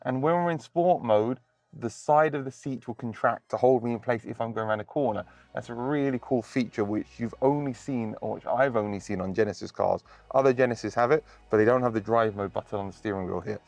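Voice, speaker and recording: A man's voice: mid-range voice, a little fast, darkish tone, dry recording. A man reviewing a car from inside it, talking enthusiastically and full of praise. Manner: gushing, superlative-heavy.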